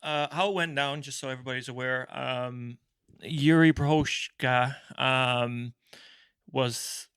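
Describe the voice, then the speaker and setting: Bright, clear man breaking down a fight. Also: medium pitch, fairly even intonation, a little slow, no room sound, studio quality. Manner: explains with many fillers. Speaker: podcast co-host.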